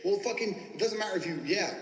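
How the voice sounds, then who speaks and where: A man's voice: high voice, fast. A man giving a brash, boastful, profanity-laced motivational talk about sales and getting rich. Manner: brash, boastful, swears constantly. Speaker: business coach teaching sales. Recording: echoey room with long reverb.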